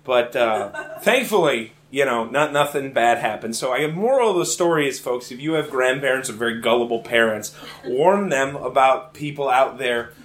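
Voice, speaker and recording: A man's voice: medium pitch, expressive, moderate pace, fairly bright tone, reverberant. A young man from Virginia doing stand-up, telling a story in a rambling way with many restarts and laughing at his own jokes. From Richmond, Virginia. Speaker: stand-up comedian. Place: live comedy venue.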